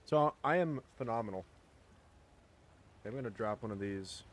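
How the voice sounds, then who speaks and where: Excitable young man streaming live. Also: fairly low pitch, moderate pace. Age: young adult. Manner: excitable, swears freely, addresses chat. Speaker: gaming livestreamer. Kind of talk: casual live-stream chat.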